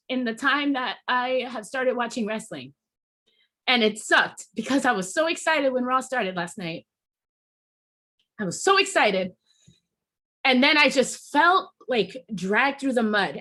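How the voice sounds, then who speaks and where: Woman, podcast host, casual rant, fired-up, swears a lot, bright edgy voice, slightly high. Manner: heated, profane, emotional venting with restarts.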